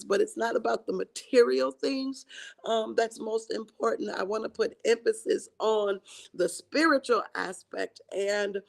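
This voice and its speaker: A woman hosting a church women's livestream, her voice raspy and tired from singing, talking in an encouraging way with many fillers and restarts. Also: mid-range voice. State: hoarse from singing. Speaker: host of a women's ministry livestream.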